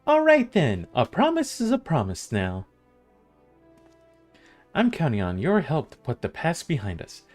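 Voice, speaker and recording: A wry, motherly tavern mistress and guild master, as a man reads her lines aloud. She lingers over her words in a slow, storytelling way, her pitch rising and falling freely. Faint game music plays behind her. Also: huge pitch swings, full character voice. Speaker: streamer reading game dialogue aloud.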